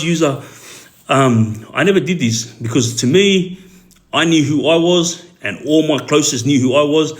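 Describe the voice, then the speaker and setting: A man with an Australian accent, a former prisoner telling his story casually on a livestream, halting often with fillers and repeated words. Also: a little high.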